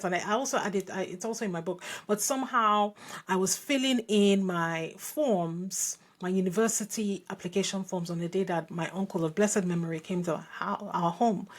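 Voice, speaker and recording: Husky-voiced woman telling a personal story. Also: medium pitch. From Nigeria. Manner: reflective, with frequent restarts and asides. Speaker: podcast host.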